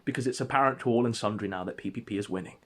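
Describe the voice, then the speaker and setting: A man narrating an absurd comic story in a deadpan, mock-epic way. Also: mid-range voice, very fast. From England.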